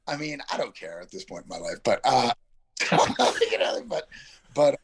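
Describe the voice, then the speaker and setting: A man's voice: mid-range voice, wildly swooping pitch, moderate pace, creaky. A middle-aged man from Yonkers, a guest actor telling a rambling, reflective story in a casual interview, full of fillers and restarts. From Yonkers, New York.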